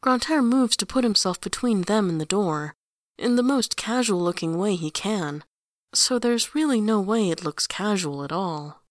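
A woman reading fan fiction aloud in an even, plain narrating voice. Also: mid-range voice, moderate pace, dry recording, clean studio sound. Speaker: audiobook reader.

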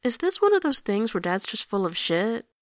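A woman voicing a restless teenage boy who blurts things out quickly, in an audiobook reading. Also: a little high, big pitch swings, fairly bright tone, no room sound, clean studio sound. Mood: uncertain. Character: scrappy young teen boy, blunt and restless.

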